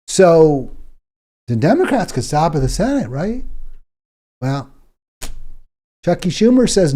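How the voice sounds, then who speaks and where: Fired up guy hosting a political show, warm mellow voice, indignant, keeps repeating himself. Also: high voice, big pitch swings, unhurried, long pauses. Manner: indignant, exasperated, repeats words when worked up. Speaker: political talk show host. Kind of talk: political commentary monologue.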